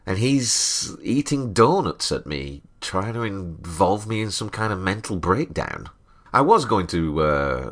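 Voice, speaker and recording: A man with an exceptionally deep, low voice hosts a podcast. He reviews other shows in a comedic monologue. His delivery is dry and matter-of-fact. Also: fairly bright tone.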